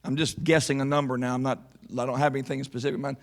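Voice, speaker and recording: A male pastor preaching a sermon in an animated way, slowing down to stress his points. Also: mid-range voice.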